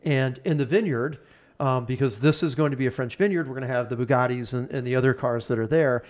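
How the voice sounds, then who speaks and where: A man's voice: mid-range voice, fast. Enthusiastic rambling man. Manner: enthusiastic, rambling, piles up plans. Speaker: podcast guest. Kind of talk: casual chat.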